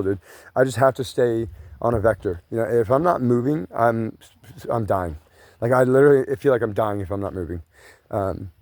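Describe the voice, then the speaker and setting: This vlogger's voice is mid-range and a little mellow, recorded without echo. He paces grassland trails outside, chatting in a rambling, profane way and leaning heavily on "bro" and "you know."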